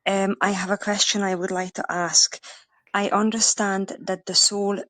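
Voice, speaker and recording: Hesitant Scottish woman caller, flat voice. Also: mid-range voice, a little slow. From Scotland. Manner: hesitant, earnest, grieving.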